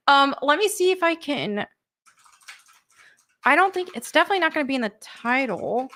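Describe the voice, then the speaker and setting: A woman's voice: sits high, very animated, measured pace, pauses often, pushed and bright. A woman hosting a live stream, chatting casually and laughing often.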